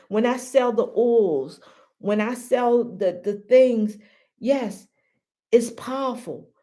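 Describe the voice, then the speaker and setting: A woman's voice: a little high, slow pace, mellow. A woman hosting a casual live stream. She talks to her viewers in a heartfelt, grateful way, repeating her phrases and calling them baby and y'all.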